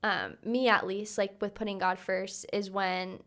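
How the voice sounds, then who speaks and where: A woman's voice: mid-range voice, level tone, unhurried, a bit bright. Young woman podcast cohost, casual chatty talk, lots of likes and ums. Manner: chatty, many fillers, laughs often. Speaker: podcast co-host. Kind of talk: casual chat.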